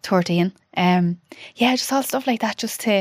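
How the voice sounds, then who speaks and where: A woman in her thirties, a podcast guest telling an emotional personal story. She talks haltingly, with restarts and quoted dialogue. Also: mid-range voice, dry recording, clean studio sound.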